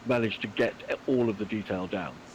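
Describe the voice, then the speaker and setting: A man's voice: lowish voice, normal speed, darkish tone, dull audio, slight background noise. A man playing a tabletop game, speaking in character in an earnest, persuasive, slightly formal way. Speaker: player. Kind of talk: in-character tabletop role-play.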